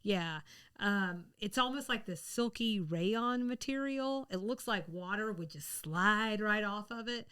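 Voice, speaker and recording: Chatty woman with a smooth voice. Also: mid-range voice, expressive, unhurried, pushed and bright. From the American South. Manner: chatty, laughs often, rambling restarts. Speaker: podcast co-host. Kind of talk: casual chat.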